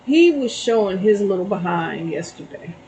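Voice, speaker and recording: A woman's voice: medium pitch, lively intonation, normal speed, mellow, slight background noise, poor audio. A middle-aged woman giving a casual spiritual tarot reading, telling a story and checking in with "okay?". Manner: chatty, storytelling, frequent "okay?" asides. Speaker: tarot reader.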